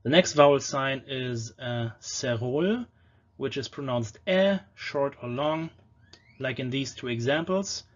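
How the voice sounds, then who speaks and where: Male lecturer, mid pitch, patient explainer who slows to sound out words; slightly dull lo-fi recording. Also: expressive. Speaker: language lecturer. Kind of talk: educational lecture on pronunciation.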